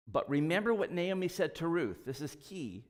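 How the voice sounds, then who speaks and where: A man's voice: on the high side, very animated, moderate pace. Folksy preaching man in a reverberant church. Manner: conversational, folksy preaching with asides and small jokes. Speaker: pastor. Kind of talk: sermon. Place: church sanctuary.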